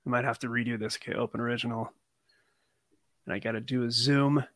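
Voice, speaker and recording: Bright, dry-voiced male podcast host. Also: mid-range voice, quick pace, no echo. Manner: relaxed, hesitant, full of fillers. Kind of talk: casual political chat.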